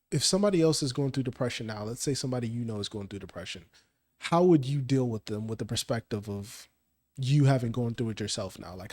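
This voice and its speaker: A man hosting a podcast, his voice at an ordinary middle pitch. He talks in a reflective, conversational way and guides the discussion with questions. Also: a little mellow. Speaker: podcast host. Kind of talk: casual faith podcast discussion.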